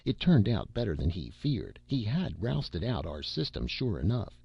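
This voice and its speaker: A man's voice: on the low side, sing-song, normal speed, creaky, dark tone, husky, no room sound, dull audio. A man reading a classic satire aloud in a folksy first-person storytelling manner with rustic grammar. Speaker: narrator.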